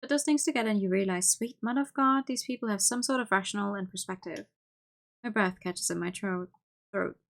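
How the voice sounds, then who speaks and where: A woman streamer reading a visual novel aloud, with expressive narration and playful asides. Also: medium pitch, fairly quick, vocal fry.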